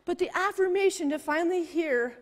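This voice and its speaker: A woman preacher telling a personal story in a sermon, swinging between intense, emphatic delivery and hushed, softer passages. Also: a little fast. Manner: emotional, building to high intensity and dropping to hushed tones. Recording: long hall reverb.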